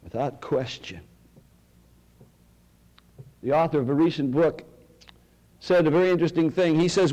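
A male preacher, delivering a sermon with dramatic swings from loud cries to near-whispers. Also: fairly high pitch, normal speed, long pauses.

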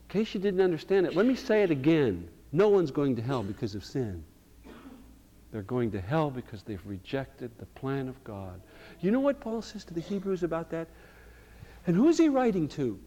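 A middle-aged male pastor preaching a sermon to his congregation, going from hushed and slow to loud and emphatic. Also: fairly high pitch, lo-fi sound. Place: church sanctuary. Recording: reverberant church hall.

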